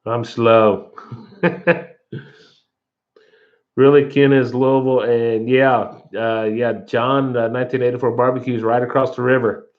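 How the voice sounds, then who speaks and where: A man hosting a casual livestream in a relaxed way, reading viewer comments aloud and answering them. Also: mid-range voice, unhurried, long pauses. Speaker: livestream host. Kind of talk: casual live chat. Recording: dull lo-fi livestream audio.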